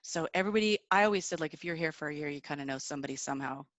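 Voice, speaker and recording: A middle-aged woman with a lowish voice tells lively stories and laughs often. She talks in a chatty, animated way. The recording is dry, with a close mic. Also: rapid-fire, no room sound. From Seattle area, USA. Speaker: guest musician. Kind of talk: casual interview storytelling.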